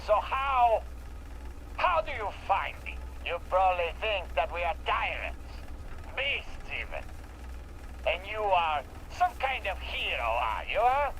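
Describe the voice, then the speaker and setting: An actor playing a volatile, menacing slaver warlord in a video game, with a vaguely European accent, ranting with profanity. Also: male voice, high-pitched, very animated, fairly bright tone, a little hiss or hum, full character voice, rough recording. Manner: swings between snarling threats and slow lecturing.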